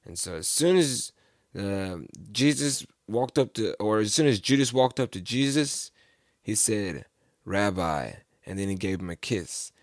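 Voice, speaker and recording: A man's voice: fairly low pitch, expressive, normal speed, no room sound, clean studio sound. A young man casually retelling and commenting on a Bible chapter, using slang and fillers. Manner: casual slang, fillers, chuckles at his own jokes. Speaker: Bible channel host.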